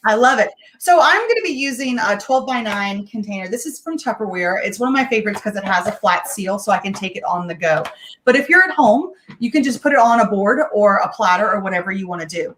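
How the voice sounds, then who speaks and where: A woman's voice: medium pitch, lively intonation, fast talker, fairly bright tone. A middle-aged woman, chatty and upbeat, who laughs often as she demonstrates a meal in a home kitchen. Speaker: guest home cook sharing meal tips. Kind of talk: casual live-stream cooking demo.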